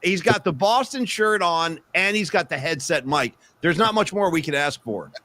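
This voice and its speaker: A man hosting a casual sports podcast, joking and lively. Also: on the high side, normal speed, dry recording. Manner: lively, animated, jokey. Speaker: podcast host.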